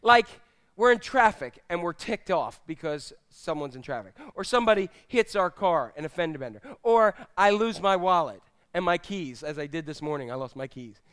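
A man's voice: fairly high pitch, expressive, moderate pace, fairly bright tone, smooth. A male pastor preaching a conversational sermon, speaking directly to his congregation. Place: church.

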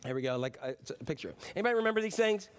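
A man's voice: a little high, lively intonation, racing, clear, resonant tone. A middle-aged man preaching a sermon to his congregation in a conversational way, asking rhetorical questions and adding asides. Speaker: pastor. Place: church before a congregation.

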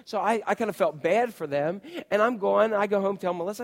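A man's voice: high-pitched, quick pace, gravelly. A man preaching a sermon, telling a personal story and asking the congregation questions. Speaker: pastor. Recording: long hall reverb.

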